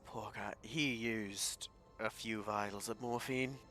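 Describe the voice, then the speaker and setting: Guy playing a tabletop game on stream, dry measured talk, bright voice. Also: fairly low pitch, steady tone, soft background music. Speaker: player. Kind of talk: tabletop role-play on a live stream.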